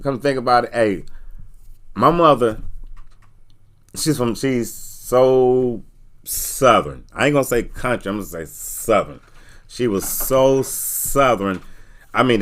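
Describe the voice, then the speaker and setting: A man in his forties hosting a talk radio show, telling rambling, animated stories and laughing often. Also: on the low side. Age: 40s. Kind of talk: casual talk radio chat.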